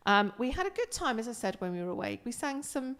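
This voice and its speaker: A woman's voice: a little high, sing-song, fast talker, big-room sound. A woman co-hosting a live music stream, teasing her partner and sending cheerful greetings to viewers. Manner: teasing, warm-hearted, cheerfully chiding. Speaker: co-host. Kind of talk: casual live-stream chat.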